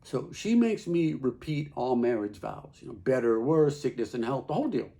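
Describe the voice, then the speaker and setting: A man's voice: medium pitch, very animated, vocal fry, mellow. Guy doing a folksy stage monologue as a regular husband, voice jumps all over, keeps repeating himself. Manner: folksy, storytelling, halting repeats. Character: Carl, plain-spoken middle-aged husband. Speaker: actor performing a monologue. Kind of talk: theatrical monologue.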